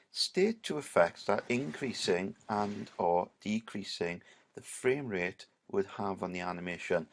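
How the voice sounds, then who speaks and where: A male teacher, giving a casual screen-recorded software tutorial and leaning on "right" and "obviously". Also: lowish voice, gravelly.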